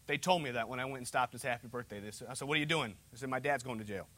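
Young pastor, bright and forceful tone, jokey conversational sermon style. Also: male voice, mid-range voice, rapid-fire. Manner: joking, conversational preaching. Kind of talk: sermon with humorous asides.

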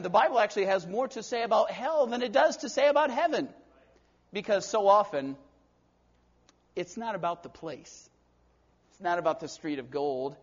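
A male preacher delivering a sermon in a storytelling way, swinging between soft passages and emphatic ones, on a dull lo-fi recording. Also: high voice.

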